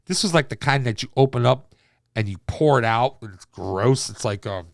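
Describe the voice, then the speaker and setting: Man with a gravelly, lively voice, cursing freely through his opinion monologue. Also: mid-range voice, normal speed, dry recording, studio quality. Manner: profane, ranting. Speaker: commentator.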